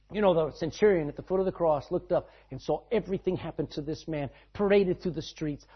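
Male preacher, husky and a little high-pitched, dramatic loud-soft delivery; muffled lo-fi recording. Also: fast, hardly any pauses. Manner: dramatic swings between loud and hushed. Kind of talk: sermon. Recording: dull lo-fi sound.

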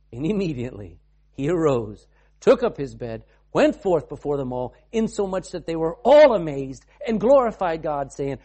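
A man preaches with a lively, rising and falling pitch. He moves from booming lines to hushed ones and reads scripture in old-fashioned wording. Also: fairly quick. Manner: dramatic, swings from loud to hushed. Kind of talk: sermon.

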